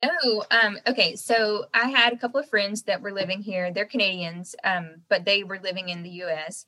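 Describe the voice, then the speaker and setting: A young woman with a softened Southern American accent, chatting casually as a guest and laughing often. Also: medium pitch, steady tone, normal speed, rough recording. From Southern United States. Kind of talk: casual chat.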